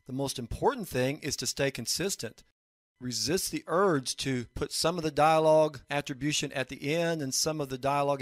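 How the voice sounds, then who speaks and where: A male college instructor gives a recorded lesson, walking through each point in a calm, measured way. His voice sits a little high for a man. The recording is dry and close, with no room sound. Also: dry recording. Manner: measured, explanatory teaching delivery.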